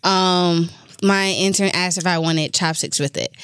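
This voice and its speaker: A woman's voice: lowish voice, steady tone, unhurried, fairly bright tone, clear, resonant tone, no echo, studio quality. A woman on a comedy podcast, bantering with blunt, playful pushback.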